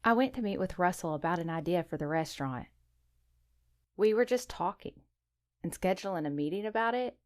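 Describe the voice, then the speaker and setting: Woman reading as a shy, flustered young woman, stammering, smooth clear voice, audiobook. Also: on the low side, lively intonation, brisk, no echo, studio quality, natural voice. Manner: stammering, hesitant.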